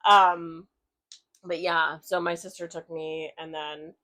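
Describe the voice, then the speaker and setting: A woman's voice: low-pitched, little pitch movement, slow pace, sharp tone. A woman co-hosting a podcast, telling a personal story in a rambling, casual way with lots of fillers and swearing. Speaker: podcast co-host.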